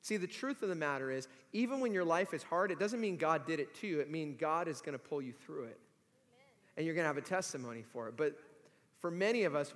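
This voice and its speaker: A man, a pastor, preaching a conversational sermon that turns animated and emphatic. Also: fairly high pitch, fast talker. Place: large hall or church. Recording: long reverb of a big hall.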